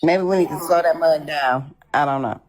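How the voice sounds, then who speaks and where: A woman's voice: sits low, normal speed, rough recording. A woman in a casual live chat, insistently contradicting the others. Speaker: live stream participant.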